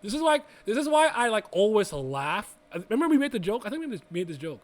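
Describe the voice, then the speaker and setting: A young man co-hosts a casual podcast, talking fast in a high-pitched, very animated voice. He rambles through restarts and swears freely as he chats.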